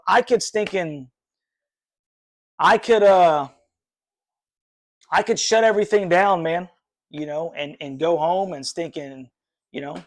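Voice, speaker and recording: A man from North Carolina hosting a live sports reaction stream from his room, rambling with many fillers and sounding frustrated with his team. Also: high-pitched. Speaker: fan livestream host.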